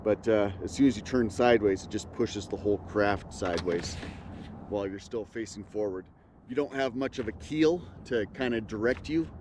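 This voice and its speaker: A man's voice: lowish voice, normal speed. A man hosting an outdoors video, casually explaining things as he goes while out on a kayak on a small lake. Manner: relaxed, thinking aloud, explaining as he goes. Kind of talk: casual on-the-water commentary. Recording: loud outdoor background noise.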